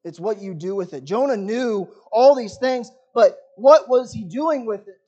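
High-voiced preacher man, muffled recording. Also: animated, unhurried, darkish tone. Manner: dramatic preaching, rising and falling sharply in volume. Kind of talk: sermon.

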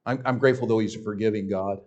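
Emphatic Southern pastor preaching. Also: male voice, lowish voice, fairly even intonation, very fast, darkish tone, highs cut off. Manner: emphatic, repeats phrases, stumbles on restarts. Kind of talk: sermon.

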